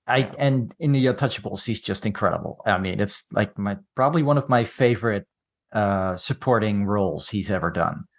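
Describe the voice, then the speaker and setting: A man's voice: on the low side, moderate pace. A man co-hosting a film podcast, chatting casually and telling rambling stories with wry, jokey asides. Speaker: podcast co-host.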